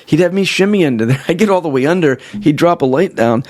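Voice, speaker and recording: A man hosting a trade podcast, telling animated childhood stories, acting out quotes and laughing a lot. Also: a little high, quick pace. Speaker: podcast host. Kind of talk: casual podcast conversation.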